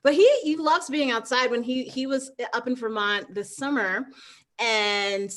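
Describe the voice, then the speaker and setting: A woman's voice: on the high side, a little slow, fairly bright tone. A woman guest in a casual interview, talking in a rambling way with frequent restarts and fillers and laughing easily. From United States. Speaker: guest, trail runner and author.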